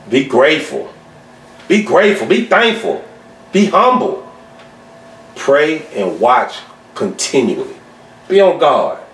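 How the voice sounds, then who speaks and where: A pastor teaching a Bible study and leading a closing prayer, swelling to emphatic highs and then dropping low and soft. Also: male voice. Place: church sanctuary. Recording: echoey church sound from a distance.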